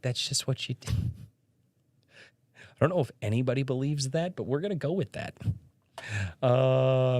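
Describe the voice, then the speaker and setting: A man's voice: fairly high pitch, no room sound, studio quality. A young man hosting a casual livestream podcast, telling stories and reading chat comments aloud as he talks. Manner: chatty storyteller, reads chat aloud.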